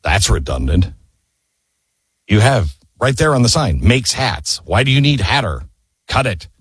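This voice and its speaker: A man's voice: fairly low pitch, very animated, a little slow, a bit bright, slightly rough, dry recording, studio quality, exaggerated voice. A man doing a blunt, dismissive friend. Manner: curt, dismissive. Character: blunt critical male friend.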